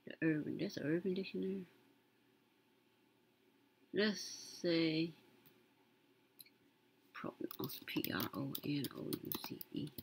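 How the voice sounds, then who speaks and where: A woman's voice: sits low, takes it slowly, gravelly, long pauses, breathy edge, low-quality recording. A woman, casually commenting on a news story as she browses, muttering to herself and reading aloud with emphasis. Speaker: content creator reading news.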